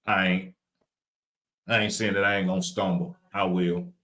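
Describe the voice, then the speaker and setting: A man's voice: sits low, level tone, moderate pace, bright, forceful tone, poor audio. A man with a Southern US accent co-hosting a live podcast, talking in a repetitive, preacher-like cadence. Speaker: podcast co-host.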